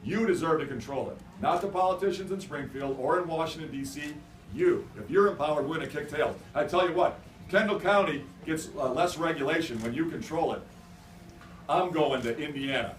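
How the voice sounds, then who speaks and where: A man, a governor, giving a rousing political stump speech in a restaurant function room, emphatic and repetitive, building to loud rallying cries. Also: on the high side, fairly quick, slight background noise. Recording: echoey room, mic at a distance.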